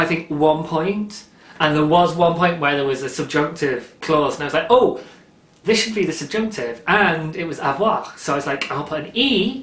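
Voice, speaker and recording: A young man with a slightly high, somewhat bright voice hosts a knitting podcast, chatting casually and rambling while laughing often. He's indoors in a room at home by daylight, and the recording has a roomy echo.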